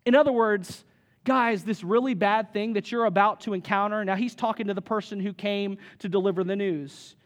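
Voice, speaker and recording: A pastor with a high-pitched voice delivers a sermon to his church congregation. His style is casual and plain-spoken, mixing rhetorical questions with easygoing humor. His tone stays steady and his pace moderate.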